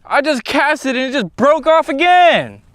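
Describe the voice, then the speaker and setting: A man filming his own fishing trip outdoors on a lake, talking to himself and exclaiming loudly as things go wrong and right. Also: very high-pitched, moderate pace, no echo. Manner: excitable, exclaims and shouts often. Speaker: fishing vlogger. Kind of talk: self-filmed fishing vlog.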